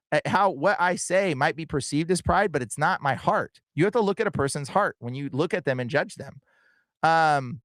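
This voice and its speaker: A man's voice: a little high, fairly bright tone, no echo. A young man hosting a livestream podcast, talking earnestly and casually with lots of fillers and "bro". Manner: earnest, fast, filler-heavy with frequent "bro" and "like". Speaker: podcast host.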